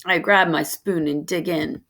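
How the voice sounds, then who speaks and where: A woman reading a children's novel aloud in steady first-person narration. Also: sits low, unhurried. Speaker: reader of a novel.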